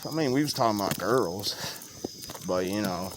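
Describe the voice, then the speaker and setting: A young man spins a loose, animated story in a casual chat. He swings from loud outbursts down to low mutters and laughs easily. Faint crickets chirp behind him outdoors. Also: normal speed, background noise.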